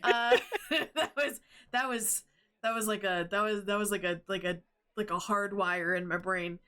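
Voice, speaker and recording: A woman's voice: mid-range voice, a little slow, bright, forceful tone, smooth. A woman running a tabletop game as game master, narrating in a rambling, hesitant way with many fillers. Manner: rambling, hesitant, laughs often.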